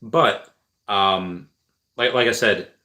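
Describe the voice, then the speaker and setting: Low-ish voiced guy on a stream, rambly, lots of um and uh, answering chat. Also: takes it slowly, pushed and bright. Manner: rambling and repetitive, full of restarts and fillers. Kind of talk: casual livestream chat.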